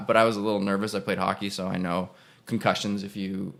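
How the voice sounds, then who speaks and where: A man's voice: deep voice, little pitch movement, fast, creaky, a bit bright. A young man, an actor, casually telling a personal story on a podcast and rambling with frequent self-corrections. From Canada. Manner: rambling, self-correcting, acts out voices in quotes.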